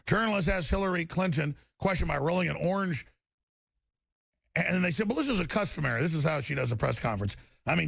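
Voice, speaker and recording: Gravelly, heated male talk host. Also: a bit bright, no room sound, studio quality. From Texas. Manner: heated, rambling, with big pitch swings and repeated restarts. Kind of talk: impassioned political talk monologue.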